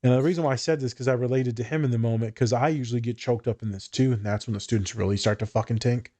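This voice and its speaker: A male therapist hosting a casual podcast, in a middle-pitched voice. He tells his stories with energy, swears freely and acts out the lines of the people he quotes. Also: quick pace. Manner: animated, profane storytelling with quoted voices.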